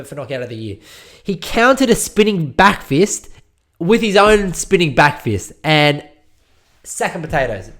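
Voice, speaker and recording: An Australian man hosts a solo podcast recap, chatting loosely and cracking jokes as he goes. His voice sits a little on the high side, and his talk is full of "uh"s and restarts. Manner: rambling and jokey, with many fillers and restarts. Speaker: podcast host.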